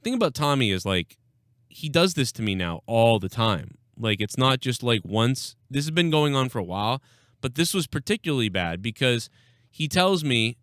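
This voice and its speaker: A man's voice: mid-range voice, animated, moderate pace, a bit bright, clear, resonant tone, no echo, clean studio sound. A man hosting a live podcast stream, ranting casually and with lots of swearing, acting out people he quotes with a raised voice. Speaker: podcast host.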